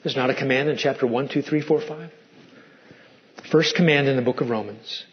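A male pastor preaching a sermon with animated delivery, swinging from loud to hushed. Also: mid-range voice, fairly quick. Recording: muffled lo-fi sermon recording.

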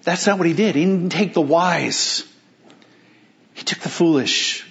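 A man preaching a sermon as pastor, emphatic, asking rhetorical questions and slowing down on key phrases. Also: a little high, gravelly, a bit bright, muffled recording.

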